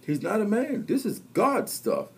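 A man's voice: high voice, wildly swooping pitch, a little slow, gravelly, darkish tone, husky. A man preaching a sermon, exhorting his listeners and calling them to repeat after him. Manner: exhorting, call-and-response preaching. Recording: radio broadcast.

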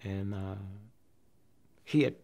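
An older man, a comedian, telling a story from his career in an interview, acting out the people in it and dropping to hushed near-whispers. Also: sits low, takes it slowly, creaky, a little hiss or hum. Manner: animated storyteller, acts out quotes, drops to hushed near-whispers.

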